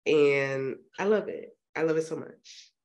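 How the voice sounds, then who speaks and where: A woman with a somewhat low voice talks through a film on a podcast. She gushes and acts out quotes with eager energy. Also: unhurried, a little mellow, highs cut off. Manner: enthusiastic, quotes people in an upbeat voice. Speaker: podcast co-host. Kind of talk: casual chat.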